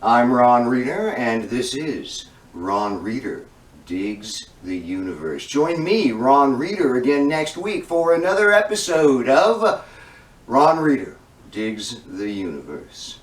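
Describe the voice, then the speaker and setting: A man's voice: medium pitch, big pitch swings, takes it slowly, roomy sound, recorded from a distance. A man heard in archive clips of a public speech, making blunt, clipped statements.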